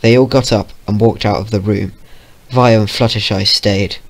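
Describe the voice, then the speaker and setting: A man reading a fan story aloud in a plain, steady way. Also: lowish voice, normal speed. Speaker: fanfiction reader.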